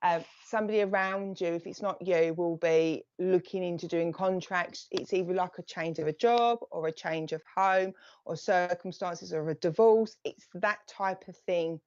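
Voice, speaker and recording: A woman's voice: lowish voice, normal speed, a little mellow, no room sound. Chatty woman medium, lo-fi stream. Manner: chatty, relays messages in bursts, thanks viewers by name. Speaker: psychic medium giving live readings. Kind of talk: live-stream reading to viewers.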